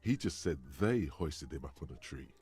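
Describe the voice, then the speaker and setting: A man voicing a wry narrator in a video game, with a deep, gravelly, husky voice. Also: lively intonation, normal speed, a crowd in the background.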